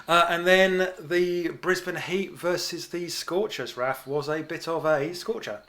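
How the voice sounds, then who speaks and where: A man's voice: on the high side, unhurried, fairly bright tone. A man co-hosting a chat podcast, talking casually with many fillers and restarts. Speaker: podcast co-host.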